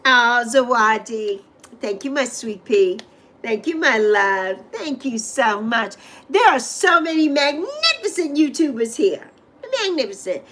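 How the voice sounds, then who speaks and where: A woman's voice: on the high side, sing-song, a little slow, fairly bright tone. A middle-aged woman hosting a casual livestream, greeting viewers by name and repeating phrases with gushing affection. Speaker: livestream host.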